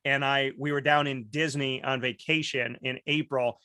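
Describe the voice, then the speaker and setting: A man hosting a casual talk show, telling stories in an animated way and acting out the voices of the people in them. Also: medium pitch, normal speed, no echo, clean studio sound. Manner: animated storyteller, acts out quoted voices, many restarts. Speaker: host. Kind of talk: casual storytelling chat.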